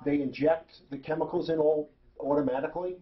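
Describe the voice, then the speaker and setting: A man's voice: fairly high pitch, steady tone, fairly quick, lo-fi sound. A man co-hosting a radio show who keeps asking curious questions. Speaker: co-host. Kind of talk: casual studio banter.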